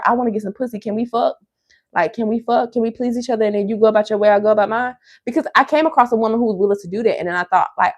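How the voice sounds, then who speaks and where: A woman's voice: medium pitch, a little mellow, dry recording. A woman hosting a livestream, ranting bluntly and profanely to her viewers in casual chat. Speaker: livestream host. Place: Miami area.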